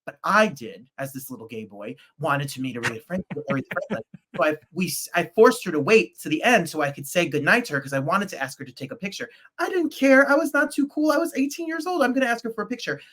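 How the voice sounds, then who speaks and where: A man guesting on a podcast over a video call, telling anecdotes in a dramatic, excitable way. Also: high-pitched, fast talker.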